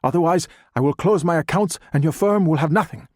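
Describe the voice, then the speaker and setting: A man's voice: on the high side, fairly quick, darkish tone, no room sound, studio quality, pitched above the performer's own voice, natural voice. A man voicing an indignant older male scientist who speaks stiffly and commandingly. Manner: stiff, commanding, rising to anger.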